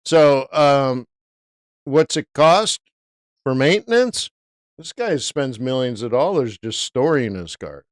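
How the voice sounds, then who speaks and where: A man's voice: mid-range voice, lively intonation, slow, dry recording, clean studio sound. A middle-aged man hosting a trading livestream, telling a long story in a laid-back, rambling way with lots of "dude" and "right?". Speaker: forex trading livestream host.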